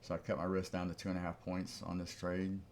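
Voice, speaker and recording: A man's voice: low voice, monotone, fast talker, a little mellow, slight background noise. A man giving casual live-stream commentary on his trades, thinking aloud in an easygoing way. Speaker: trading streamer.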